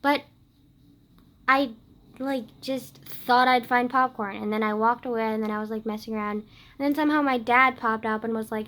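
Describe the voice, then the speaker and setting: A girl in her late teens chatting casually to camera, telling a story with lots of "like," swinging between loud outbursts and quiet asides. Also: a little high, normal speed. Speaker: vlogger.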